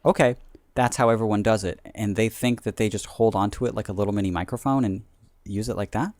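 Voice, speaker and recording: A man in his thirties co-hosting a podcast in casual chat, ranting in an animated, jokey way and swearing freely. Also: fairly low pitch, fast talker, no echo, studio quality. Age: 30s. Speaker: podcast co-host.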